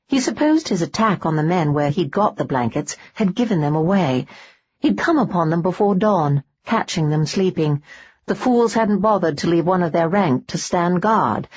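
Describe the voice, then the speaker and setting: A woman narrating a historical romance audiobook in a measured, steady way. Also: on the low side, husky, dry recording, lo-fi sound.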